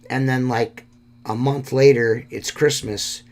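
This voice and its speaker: A man's voice: mid-range voice, steady tone, slow pace. A man hosting a solo podcast, talking in a rambling, heartfelt way and swearing often. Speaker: podcast host.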